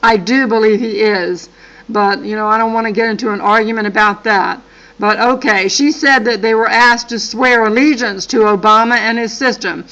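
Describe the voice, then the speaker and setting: Older grandma lady reading out a dream to the camera, bright sharp voice, earnest, keeps saying sorry. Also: fairly high pitch, fairly even intonation, normal speed, highs cut off. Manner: earnest, apologetic asides while reading. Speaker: channel host. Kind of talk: reading a dream account aloud with asides.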